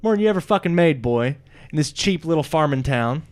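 A man's voice: fairly high pitch, expressive, a little fast, a little mellow, pitched below the performer's own voice, natural voice. Man doing a big, foul-mouthed wrestling booker. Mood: ranting. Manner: profane, scolding, barking orders.

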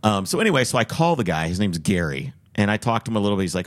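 Low-voiced Minnesotan man telling a story. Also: very animated, racing. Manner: rambling storyteller, acts out quoted voices, laughs often. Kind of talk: casual chat.

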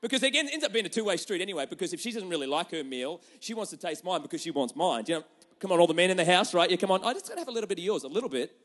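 A man with a notably high voice preaches from the pulpit, animated and storytelling, dropping to hushed tones then surging loud again. He's a young adult pastor with a conversational, joking delivery. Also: very fast. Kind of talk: sermon.

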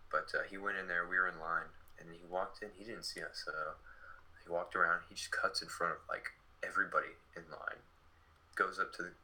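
A man's voice: low voice, a little fast, poor audio. A young man in his late teens telling a story in a casual, chatty way, full of fillers. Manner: chatty, many fillers, lively retelling.

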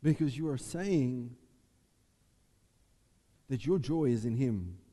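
Male pastor, dark mellow voice, animated sermon, reverberant hall. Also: medium pitch, takes it slowly. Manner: animated preaching, acting out Bible voices. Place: church.

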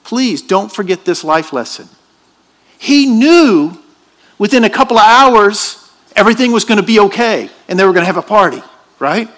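A man's voice: high-pitched, lively intonation, normal speed, a bit bright. A man preaching a sermon in a church, emphatic and questioning his congregation. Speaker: pastor.

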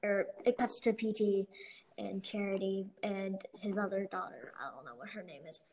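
Chatting casually, a woman wanders through the plot of a movie, filling it with "like" and "blah blah." Her mid-range voice is a little mellow, and she speaks at normal speed.

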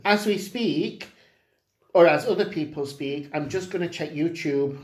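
A chatty co-host rambles through an anecdote, full of "um"s and restarts. The voice sits at a middle pitch. The recording carries a noticeable room echo. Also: a little slow. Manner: rambling, animated storyteller with many fillers. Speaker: podcast co-host. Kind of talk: casual chat. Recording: roomy, echoey room sound.

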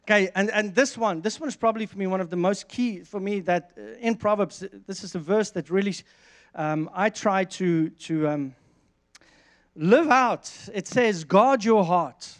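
A man preaching a sermon, reading verses and telling a lively personal story with frequent restarts. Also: high voice, moderate pace. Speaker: pastor.

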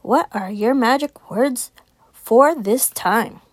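A gentle, well-mannered dinosaur lady, played by a woman reading aloud speaks slowly and kindly in a lilting, rather high voice. The storybook lines are recorded close and dry. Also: dry recording. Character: friendly polite female dinosaur.

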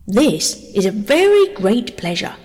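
A woman voicing a kind, brisk old gentleman who speaks in short replies, heard in a long reverb. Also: mid-range voice, very animated. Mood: kindly. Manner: kindly, terse.

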